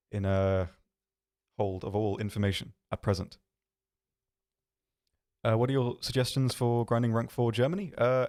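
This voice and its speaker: Guy on a game stream in an office, lowish voice, rambly and jokey about himself, lots of ums. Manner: rambling, self-deprecating, lots of ums and restarts. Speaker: stream host. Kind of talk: casual livestream chat reading viewer questions.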